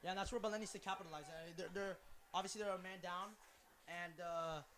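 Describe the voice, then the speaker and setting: High-pitched teen guy doing color commentary, rambles, yells on big plays, faint hiss behind. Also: fast. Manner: rambling and excitable, prone to tangents and sudden shouts. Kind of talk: student sports broadcast commentary.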